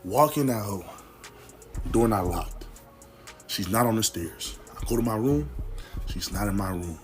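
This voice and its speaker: Animated young man telling a story. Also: a little slow, faint music behind. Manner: animated, slangy, swoops up to high exclamations. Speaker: vlogger. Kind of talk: casual storytime.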